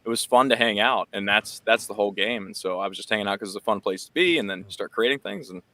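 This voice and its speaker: A man, a guest on a podcast, casually telling how he found the show with animated retellings. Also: lowish voice, quick pace, no room sound. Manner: chatty, animated retelling with acted quotes. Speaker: podcast guest, music creator. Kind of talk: casual storytelling.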